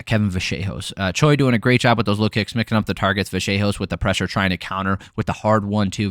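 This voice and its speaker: A man's voice: fairly low pitch, a bit bright, dry recording, clean studio sound. A man hosting a casual fight recap, talking bluntly with frequent swearing and filler words. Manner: blunt, frustrated, swears freely, many fillers. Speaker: MMA podcast host.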